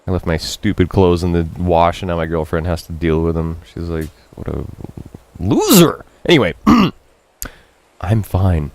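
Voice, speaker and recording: A man streaming a Japanese game, reading out the characters' lines and translating them in a chatty, self-mocking way, jumping up in pitch to quote and dropping low for asides. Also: lively intonation, measured pace, a little mellow. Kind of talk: casual live-stream commentary.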